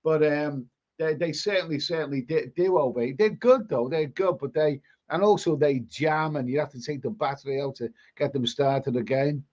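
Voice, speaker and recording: A man's voice: on the high side, normal speed, a little mellow. Rambling man with a dull lo-fi sound. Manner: rambling, repeats words and restarts sentences. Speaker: live stream host. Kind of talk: casual live stream chat reading viewer comments.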